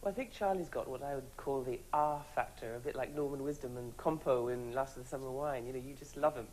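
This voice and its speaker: A woman's voice: rumbling low, fast, a little mellow, slight background noise, low-quality recording. A woman on a judging panel, chatty and conversational as she gives her score. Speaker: panel judge.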